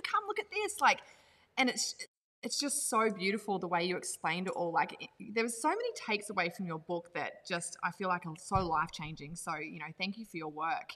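Gushing woman, bright voice in a reverberant room. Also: medium pitch. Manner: gushing, enthusiastic. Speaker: podcast co-host. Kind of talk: casual podcast chat.

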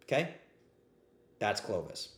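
Speaking slowly in an echoey room, a podcast host answers live questions on his streamed AMA. He's riled up, ranting bluntly and passionately with plenty of swearing, and says he's getting heated.

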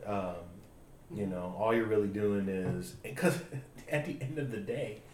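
A man's voice: fairly low pitch, lively intonation, a little slow, darkish tone. Joking man, distant and echoey. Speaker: podcast co-host. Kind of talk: casual chat. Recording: roomy echo, distant mic, faint noise.

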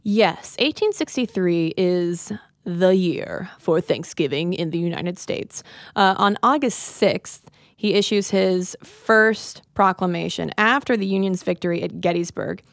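A woman's voice: on the low side, unhurried, vocal fry, dry recording. Chatty woman podcast co-host, dry sound. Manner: conversational, explains with fillers. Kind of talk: casual history chat.

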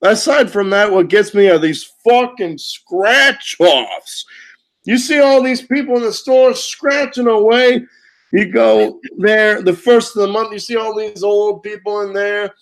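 A man delivering a profane comedic rant, loud and indignant, cursing constantly and laughing at his own lines. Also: high-pitched, measured pace.

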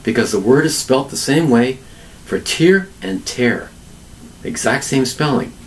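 A man teaching an English vocabulary lesson alone, spelling words out slowly and asking rhetorical questions. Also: mid-range voice, lively intonation, distant mic, low-quality recording. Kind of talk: solo ESL vocabulary lesson.

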